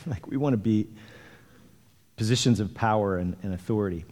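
A man's voice: on the low side, moderate pace, darkish tone, big-room sound. A male pastor preaching an earnest expository sermon, explaining scripture verse by verse to his congregation.

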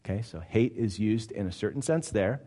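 A man's voice: lowish voice, moderate pace, mellow, husky. A male pastor delivering a sermon, emphatic and conversational, firing off rhetorical questions. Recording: long hall reverb.

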